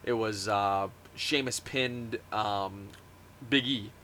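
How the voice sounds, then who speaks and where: A man co-hosting a casual wrestling podcast, playful and quick to do silly voices. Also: on the low side. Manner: playful, breaks into loud impressions. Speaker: podcast co-host.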